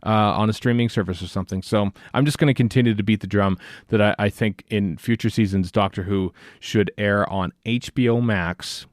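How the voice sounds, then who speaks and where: A podcast host chats casually, rambling with many restarts and fillers. His voice is lowish with fairly even intonation at a moderate pace, captured in a dry, clean studio recording.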